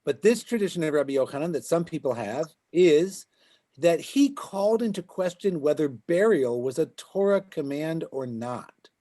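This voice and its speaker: A man's voice: fairly high pitch, lively intonation, normal speed, dark tone. A man teaching a Talmud class as a rabbi, explaining the text and checking in with his students as he goes. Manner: explains as he goes, keeps asking "right?". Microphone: video call.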